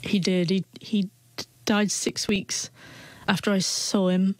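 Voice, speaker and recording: A woman's voice: mid-range voice, level tone, takes it slowly, no echo. Woman with a stutter telling her story, dry close sound. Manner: stutters, with repeated sounds and restarts. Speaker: interview guest. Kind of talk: emotional personal storytelling.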